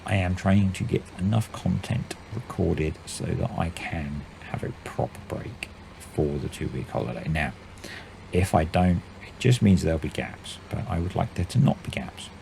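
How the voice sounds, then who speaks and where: A man in his forties chatting casually and rambling while commenting on his own gameplay, in a voice he calls usually monotone. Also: deep voice, moderate pace, vocal fry, a little hiss or hum. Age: 40s. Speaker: gaming channel host. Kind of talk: casual let's-play commentary.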